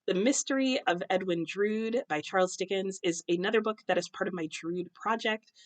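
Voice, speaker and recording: A woman's voice: on the low side, a bit bright. A young American woman chatting casually to camera about books at home, with many ums and self-corrections. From United States. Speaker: booktuber. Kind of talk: casual book chat to camera. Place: home, husband cooking nearby.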